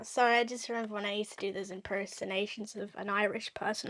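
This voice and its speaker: A woman's voice: medium pitch, steady tone, fast talker, a bit bright, no room sound. A woman co-hosting a casual chat, easygoing and playful. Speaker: co-host.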